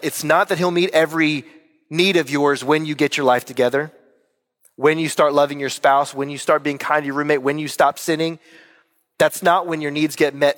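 A man's voice: fairly high pitch, a bit bright, long reverb tail. A man preaching a sermon as pastor, earnest and emphatic, repeating key words for weight. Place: church hall.

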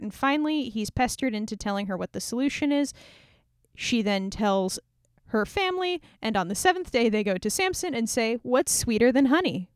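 A woman's voice: on the high side, clean tone, no room sound, clean studio sound. A young woman casually retelling an old scripture story in a chatty, irreverent way, full of sarcastic asides.

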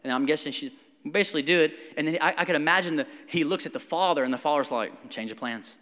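A man, a pastor preaching a conversational, animated sermon and acting out quotes. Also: fairly high pitch, fast, big-room sound.

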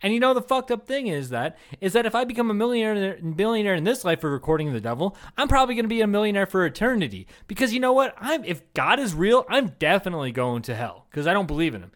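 A man co-hosting a comedy podcast, telling profane, animated stories in a casual chat and jumping into loud acted-out bits. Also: high-pitched, fast, hardly any pauses.

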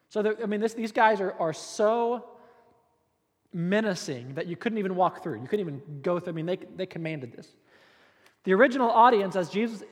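Guy preaching in a church hall, animated storyteller, kinda high voice, long echo. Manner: animated storytelling with playful asides and jokes. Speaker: pastor. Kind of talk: sermon.

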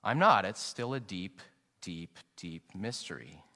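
Middle-aged male pastor, earnest sermon, lowish voice, long reverb in the hall. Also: lively intonation, pushed and bright. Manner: earnest and reflective, anecdotal, slows down for emphasis. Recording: long reverb, sanctuary acoustics.

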